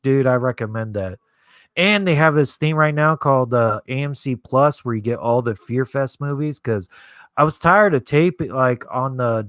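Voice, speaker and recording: A man chats through a live movie stream in a loose, rambling way, dropping curses as he answers his viewers. His voice sits at a middle pitch. The sound is close and dry, with no room around it. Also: fairly bright tone, smooth, no echo. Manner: rambling, profane, reads chat aloud. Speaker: streamer hosting a movie watch-along. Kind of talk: casual live-stream chat.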